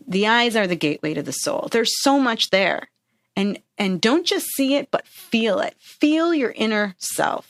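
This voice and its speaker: A woman talks through self-help advice in an earnest, encouraging way, often checking in with her listeners. Her voice is close and dry, with no room sound around it, and sits at a middle pitch. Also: no echo. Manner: encouraging, earnest, frequent "right?" and "okay?". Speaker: podcast host. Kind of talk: motivational self-help talk.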